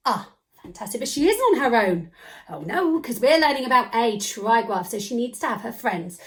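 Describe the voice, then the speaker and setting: A woman leads a children's phonics lesson from home, her voice swinging high and low as she coaxes young viewers along. She sits a little high in pitch and sounds encouraging and animated throughout. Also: normal speed. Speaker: phonics teacher.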